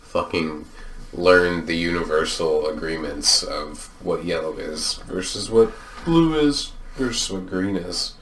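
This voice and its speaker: A man with an extremely deep voice, musing through questions in a dry, offhand way and swearing casually. The sound is roomy, with echo, and he sits back from the mic. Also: takes it slowly, a bit bright, recorded from a distance. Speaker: podcast co-host. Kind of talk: casual chat.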